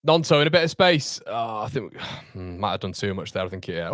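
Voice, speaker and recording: A young man reacting live to a football match for his fan channel, swinging from groans to excited shouts. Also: lowish voice, a little fast, no room sound, clean studio sound.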